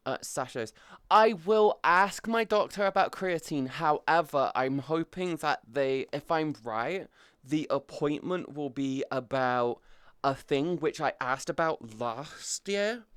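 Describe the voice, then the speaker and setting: A British man streams live to his chat in a loose, rambling way, swearing freely and restarting his sentences. His voice sits a touch high and sounds smooth and clear. The sound is dry and close, with no room around it. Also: animated, takes it slowly, fairly bright tone, no room sound. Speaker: VTuber streamer.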